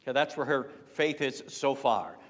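A male pastor preaching an Easter sermon in a conversational way, rising loud at climaxes and dropping to soft asides. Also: mid-range voice, lively intonation, moderate pace, long reverb tail. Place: church sanctuary.

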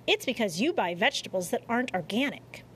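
A woman reading a storybook and voicing an eager young boy who lectures quickly and insistently. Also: on the high side, sing-song, a bit bright, a little hiss or hum. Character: know-it-all young boy, eager and preachy.

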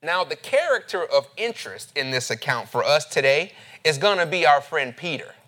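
A pastor preaching a sermon in a relaxed, conversational way, reading scripture aloud and speaking to his listeners as family. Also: on the high side, moderate pace.

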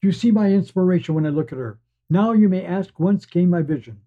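A man's voice: high-pitched, a little fast, natural voice. A man voicing a charismatic male hero who slays dragons, making a grand speech to a crowd in a read-aloud story. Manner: declaiming, orator addressing a crowd. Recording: dull lo-fi sound.

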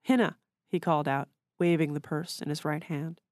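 A woman author reading her own short story aloud in a measured, literary way. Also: sits low, little pitch movement, darkish tone, no echo, clean studio sound.

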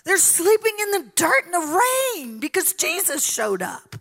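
High-voiced woman preacher, middle-aged, tells the story big, whispers then cries out. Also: very animated, measured pace. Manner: dramatic storytelling, swinging from whispers to loud cries. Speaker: guest preacher. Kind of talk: sermon storytelling.

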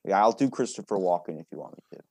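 A man's voice: low voice, lively intonation, fast talker, a little mellow, no room sound. A man hosting a podcast in casual chat, joking around loosely and swearing now and then. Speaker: podcast host.

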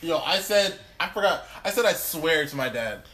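A high-pitched young man on a podcast who chimes in with short remarks and laughs often. His talk is loose and casual. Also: expressive, moderate pace, a loud crowd. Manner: brief interjections, laughs often. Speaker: podcast co-host. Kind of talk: casual chat.

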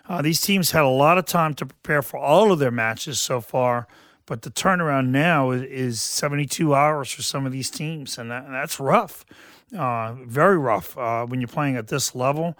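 A man hosts a sports talk show, speaking casually and rambling with plenty of fillers and false starts. His voice sits in a middle pitch. The sound is dry and close, with no room around it. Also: normal speed, fairly bright tone, no room sound. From southeastern Louisiana. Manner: rambling, folksy, frequent fillers and restarts. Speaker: radio show host.

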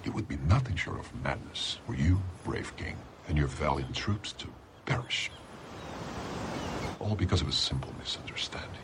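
An actor playing a towering, menacing god-king who speaks slowly and softly, in a film clip. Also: rumbling low, animated, background noise. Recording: film clip played over podcast.

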